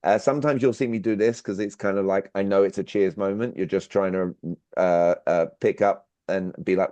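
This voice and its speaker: A man's voice: sits low, steady tone, normal speed, dark tone, no echo. A man, a clarity coach, leading an online workshop and constantly asking the audience questions. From Britain. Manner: engaging, asks the audience frequent questions. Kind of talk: interactive online workshop talk. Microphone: video call. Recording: dry, slightly dull video call audio.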